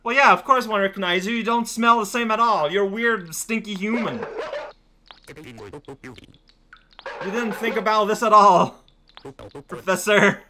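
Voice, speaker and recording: A man voicing a talking dog that scolds a human, read as quick, teasing game dialogue. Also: high-pitched, sharp tone, a little hiss or hum. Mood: scolding.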